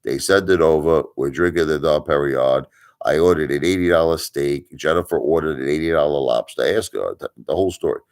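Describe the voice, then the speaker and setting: A middle-aged man with an extremely low, rumbling voice, hosting a live stream. He rants and tells stories bluntly, repeating his points for emphasis and swearing casually. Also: fairly quick. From Brooklyn, New York. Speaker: livestream host. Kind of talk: ranting storytelling live stream.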